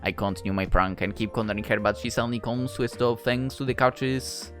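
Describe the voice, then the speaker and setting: A man narrating a first-person story in an expressive, conversational reading style. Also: medium pitch, brisk, soft background music.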